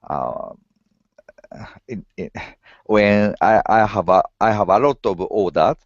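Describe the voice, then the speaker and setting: A man's voice: on the low side, slow pace, no room sound. A man practising English in an online class, hesitant and repeating words as he searches for them. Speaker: student, self-employed translator. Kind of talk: halting conversation practice. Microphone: video call. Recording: dry, muffled video-call audio.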